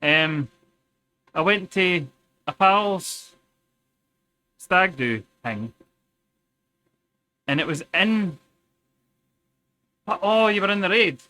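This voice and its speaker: A Scottish livestreamer with a high-sitting, pushed and bright voice rambles through stories in casual stream chat, animated, with drawn-out words and long pauses. He swears a lot, chats freely, and tinkers with something while talking.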